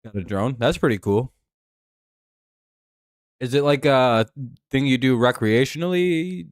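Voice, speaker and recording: A man's voice: mid-range voice, clean tone, no room sound. A man hosting a live stream, giving laid-back, dry play-by-play and chatting with viewers. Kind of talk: casual game-watching commentary.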